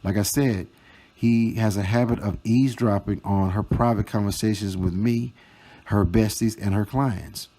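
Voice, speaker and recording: Low, dark-voiced man, mocking vlogger. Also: steady tone. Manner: slow, mocking and profane. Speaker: storytime vlogger. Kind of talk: reading out and commenting on chat screenshots.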